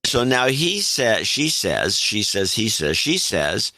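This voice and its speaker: Low-voiced man reading listener notes. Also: big pitch swings, takes it slowly, pushed and bright, dry recording. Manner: reads notes aloud with dry asides. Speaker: podcast co-host.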